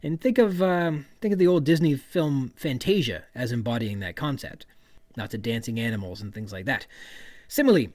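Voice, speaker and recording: Reading quoted passages from a novel and then explaining them, a podcast host delivers a literary analysis with lively, expressive emphasis. His voice is medium in pitch, his pace moderate, and no room sound is audible.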